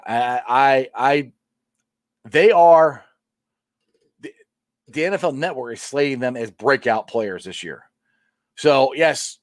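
A male sports talk host who speaks with passion and often restarts his sentences. His voice climbs and dips a great deal, and it sits a little high for a man. The sound is dry and close, with no room echo. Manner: passionate, animated, many restarts. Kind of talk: casual sports talk reading live chat.

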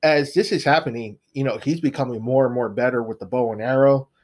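A man co-hosting a casual podcast, relaxed and profane. His voice sits in the middle as he recaps a story and backs up his co-host. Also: medium pitch, brisk. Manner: laid-back, profane, frequent laughs and agreeing yeahs. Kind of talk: casual chat.

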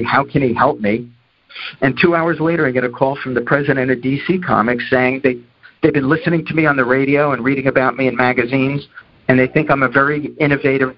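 An older man from New Jersey telling an anecdote from his career and acting out each person's lines. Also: medium pitch. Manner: acts out dialogue with lively voices. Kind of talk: anecdotal storytelling talk. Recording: dull lo-fi audio.

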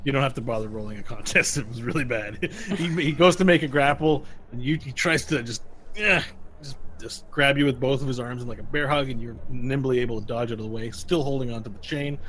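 Bright-voiced man running a tabletop game. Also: medium pitch, fast, hardly any pauses. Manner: laughs often while narrating; loose, rambling and self-correcting. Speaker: game master.

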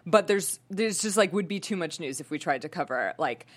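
A woman's voice: on the low side, animated, moderate pace. Chatty, giggly woman hosting a show. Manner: chatty, giggly, filler-heavy. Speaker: show host. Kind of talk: casual entertainment news chat.

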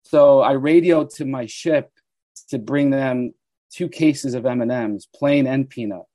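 A man in his sixties from the United States, a guest telling animated stories in an interview. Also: medium pitch, a little slow, no room sound. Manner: animated storyteller who acts out quoted voices. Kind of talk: storytelling interview.

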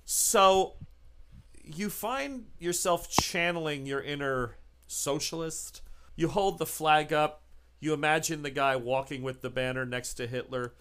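Male game master, mid-pitched, relaxed narration with chuckles and ums. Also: smooth. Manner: relaxed, chuckling, filler-heavy.

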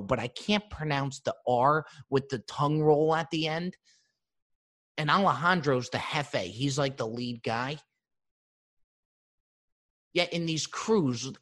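A man hosting a podcast, telling comic stories from his living room with swearing and mimicry. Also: fairly high pitch. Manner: animated storytelling with profanity and mimicry. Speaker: podcast host. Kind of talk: comedic monologue. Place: living room with open windows.

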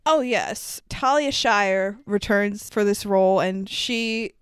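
A woman's voice: medium pitch, takes it slowly, clear, resonant tone, dry recording, studio quality. A woman co-hosting a casual movie recap podcast, swearing, laughing and mimicking characters. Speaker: podcast co-host.

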